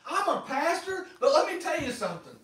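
A man preaching a sermon as pastor, telling stories in a lively way and acting out quotes. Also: very high-pitched, fairly quick. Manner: lively, animated storytelling with acted-out quotes. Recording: echoey hall, voice from far off.

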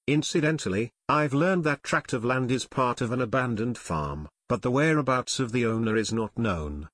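A man voicing a middle-aged detective father who speaks calmly. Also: medium pitch, moderate pace, no room sound, studio quality.

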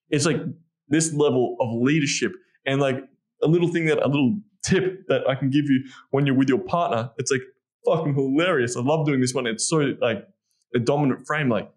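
A man's voice: fairly high pitch, a little fast. Blunt, profane man talking dating. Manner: blunt, profane, acts out his own lines. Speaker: dating coach guest. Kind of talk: casual podcast conversation.

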